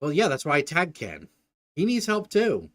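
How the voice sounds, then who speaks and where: A man's voice: fairly high pitch, wildly swooping pitch, normal speed. A man playing through a dating game, reading its text aloud and swearing through sarcastic asides. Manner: crude, profane, sarcastic asides. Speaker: gamer. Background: soft game music.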